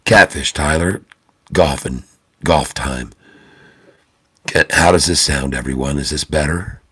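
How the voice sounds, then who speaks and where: A man putting on a quiet, murmured golf commentator voice, speaking low and gentle. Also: a little slow, breathy edge, no room sound, clean studio sound, full character voice. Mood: hushed. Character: hushed male golf commentator, soft and gentle.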